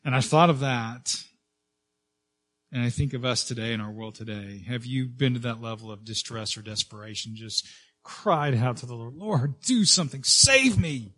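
A man preaching a sermon as pastor, earnest, with frequent fillers and restarts, rising and slowing to stress key words. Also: medium pitch, fairly even intonation, a bit bright.

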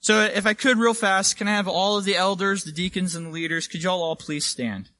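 A man's voice: sits high, a little fast, pushed and bright. A man preaching a sermon in a church, conversational and emphatic, often checking in with the congregation. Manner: conversational and emphatic, asks "right?".

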